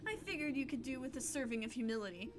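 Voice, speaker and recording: A woman's voice: high voice, animated, quick pace, background noise. A woman voicing a sly witch who talks in a honeyed, teasing tone during a game stream. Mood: coaxing. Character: sly sweet-talking witch, coaxing and wry.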